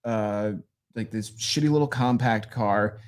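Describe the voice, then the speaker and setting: A man from northeastern Pennsylvania, a guest comedian telling road stories with a casual, profane, deadpan delivery. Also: fairly low pitch, a little slow, clean tone. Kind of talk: casual storytelling.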